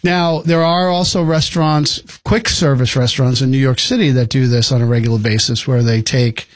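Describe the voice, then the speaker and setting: A man's voice: medium pitch, steady tone, fairly quick, no room sound. Dry, easygoing man explaining food. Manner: explains cooking at length, easygoing. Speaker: podcast co-host. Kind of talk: casual chat.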